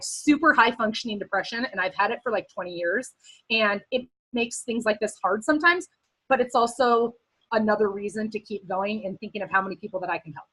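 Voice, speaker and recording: A woman's voice: medium pitch, fairly bright tone, breathy edge, low-quality recording. A woman speaking casually and earnestly on a team video call, giving encouraging advice with many fillers and at times close to tears.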